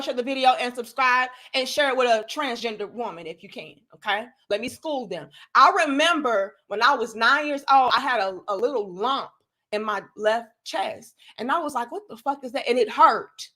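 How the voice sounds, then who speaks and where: A woman's voice: sits high, moderate pace, sharp tone. A young woman hosting a live stream, ranting bluntly and profanely and speaking straight to her viewers. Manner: blunt, profane, emphatic, addresses viewers directly. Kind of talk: casual live-stream rant.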